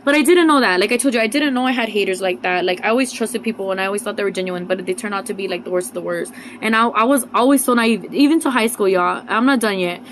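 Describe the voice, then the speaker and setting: Fast-talking young woman telling her story. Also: medium pitch, a little hiss or hum, low-quality recording. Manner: rambling, filler-heavy, confiding; drops in Spanish words. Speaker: vlogger. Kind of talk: personal storytime vlog.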